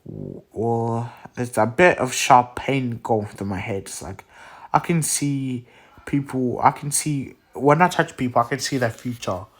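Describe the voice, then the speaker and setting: A man loosely voicing a calm, quietly cocky young male hero while retelling a story. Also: mid-range voice, unhurried. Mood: plain. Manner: loose, filler-filled quoting.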